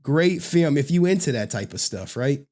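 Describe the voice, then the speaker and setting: A man's voice: a little high, lively intonation, moderate pace, a little mellow. A man hosting a live stream, rambling casually, laughing often and groping for words. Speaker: livestream host.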